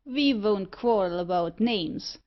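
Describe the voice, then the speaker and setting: A woman's voice: mid-range voice, animated, slow pace. Woman doing jolly rogue Ginger. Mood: jovial. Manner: breezy dialect speech. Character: jolly greedy male dog-thief rogue. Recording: muffled lo-fi audiobook recording.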